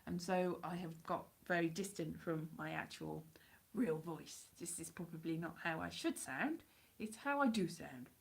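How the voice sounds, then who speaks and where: A woman's voice: deep voice, unhurried, gravelly. A woman from Wales with a Welsh accent blurred by years in England, chatting in a rambling, self-deprecating way on a live stream. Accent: Welsh mixed with English Midlands. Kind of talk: rambling casual chat.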